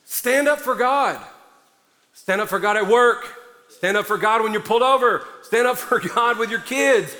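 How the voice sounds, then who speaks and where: A male pastor preaching a sermon with loud, fervent emphasis to a congregation, a little out of breath. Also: very high-pitched, normal speed. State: somewhat out of breath. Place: large church hall before a congregation. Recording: long hall reverb.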